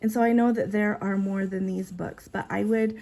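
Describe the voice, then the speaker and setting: A woman showing off items from her collection in a casual, excited chat that trails off and restarts. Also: medium pitch, moderate pace. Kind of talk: casual show-and-tell.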